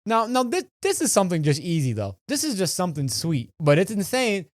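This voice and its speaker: Podcast cohost, man, high and lively voice, teasing and giggly, dry close mic. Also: a little fast, no echo. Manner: giggly, teasing, reads listener posts aloud. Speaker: podcast co-host. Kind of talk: casual comedic chat.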